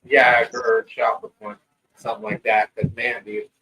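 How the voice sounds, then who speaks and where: A man hosting a podcast in casual chat, relaxed and quick to agree. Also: on the low side, far from the mic, poor audio. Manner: laid-back, chimes in with short agreements.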